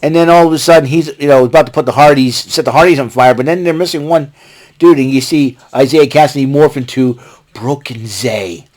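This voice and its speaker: A man's voice: medium pitch, fairly quick, a little mellow. A man casually recapping a wrestling show, rambling with fillers and often breaking into laughter. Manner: watching a ball game while talking.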